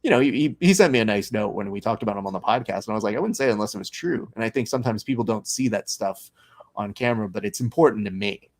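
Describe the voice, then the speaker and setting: A man from the United States hosting a casual watch-along chat, earnest and quick to laugh. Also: lowish voice. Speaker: podcast host and grappling commentator.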